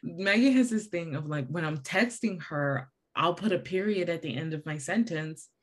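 A young adult woman co-hosting a casual book-club podcast, talking fast and chatty. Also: lowish voice, animated. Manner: fast, chatty, calls people "babes". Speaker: podcast co-host.

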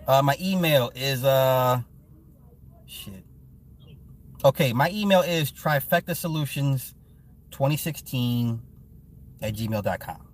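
Blunt, profane man in his forties. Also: mid-range voice. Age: 40s. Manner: profane, blunt, animated, laughs often. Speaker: live-stream host and movie reviewer. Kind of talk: casual live-stream chat with viewers.

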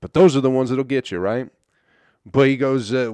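A young man with a drawl talks through a story as a podcast host, relaxed and loose, swearing freely. His voice sits a bit low. The sound is dry and close, with no room around it. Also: normal speed, no echo. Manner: laid-back storytelling, swears often. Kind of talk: casual monologue.

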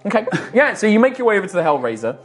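A woman narrating a tabletop game as game master, in a chatty, animated way. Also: mid-range voice, soft background music. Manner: chatty, animated, quick to laugh.

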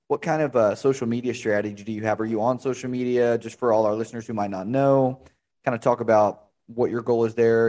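A man's voice: on the low side, darkish tone. A young man hosting a podcast interview, chatting casually and rambling through stories. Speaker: podcast host.

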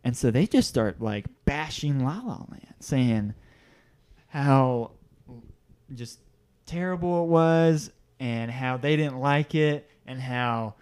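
A man co-hosting a podcast, telling stories in casual chat, animated and laughing often. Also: medium pitch, slow pace, smooth. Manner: animated storyteller, laughs often, does voices. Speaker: podcast co-host.

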